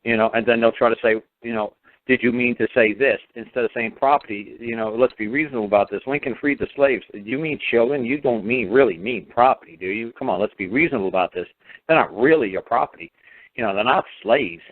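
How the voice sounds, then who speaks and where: A man's voice: medium pitch, brisk, no room sound. A man on a call-in radio talk show, telling stories emphatically and repeating words for stress. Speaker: radio show guest speaker. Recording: tinny phone line.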